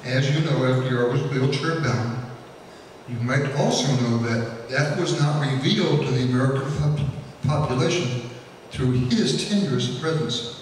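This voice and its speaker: In a lecture hall, a man with a mid-range voice gives a public history lecture at normal speed, telling folksy anecdotes full of fillers. The recording picks him up from far off in an echoey hall, with slight background noise.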